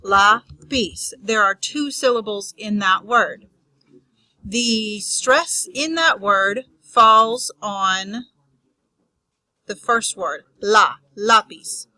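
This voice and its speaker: A woman teaching a lesson on grammar rules, unscripted with restarts and fillers, spelling out terms slowly. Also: medium pitch, pushed and bright, no room sound, poor audio. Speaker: Spanish teacher.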